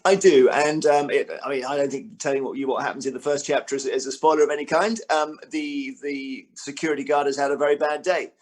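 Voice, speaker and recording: A man talking as an author at a book festival interview, an animated storyteller who acts out quotes, with frequent restarts. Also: fairly high pitch, fairly quick, few pauses.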